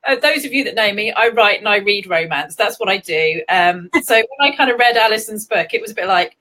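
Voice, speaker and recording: A woman's voice: medium pitch, animated, fairly quick, pushed and bright. A woman from England hosting a casual livestream chat, giggling often and chatting in a scattered way. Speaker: livestream host. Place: home livestream.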